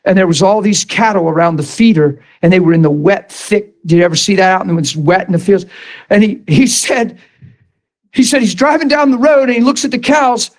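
High-pitched male preacher, fervent storyteller who repeats himself and bursts into shouts. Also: brisk. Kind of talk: sermon.

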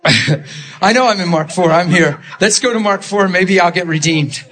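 A man preaching a sermon, telling a personal story in an animated, laughing way and acting out the people in it. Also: high-pitched, normal speed, noisy background. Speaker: pastor. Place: church.

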